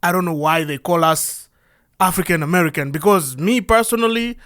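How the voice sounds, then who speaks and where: A man's voice: sits high, a little fast, a bit bright. A man from the Democratic Republic of the Congo with a Congolese accent, hosting a podcast in an earnest, rambling monologue that asks itself questions. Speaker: podcast host. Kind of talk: casual monologue.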